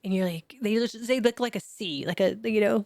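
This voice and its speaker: A woman with a mellow, warm voice tells a personal story as a podcast guest. She is animated and sometimes drops to a whisper for her inner thoughts. The sound is dry and close to the mic. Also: mid-range voice, fairly quick, vocal fry, no room sound. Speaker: chiropractor guest. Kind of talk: storytelling in an interview.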